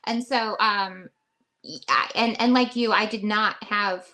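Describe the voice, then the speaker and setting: A woman's voice: medium pitch, slow, sharp tone. A woman in her forties hosting an interview, agreeable and affirming her guest with frequent yeahs. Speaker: host. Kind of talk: casual interview chat. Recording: clear crowd chatter behind.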